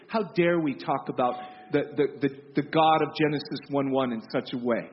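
A man's voice: medium pitch, moderate pace, hardly any pauses. A man preaching an emphatic, impassioned sermon in a church hall. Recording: muffled hall recording with faint hiss.

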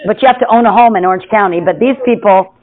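A woman's voice: mid-range voice, fast talker. A woman teaching a casual Bible study, chatty, with many asides and laughs. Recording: tinny phone-like sound.

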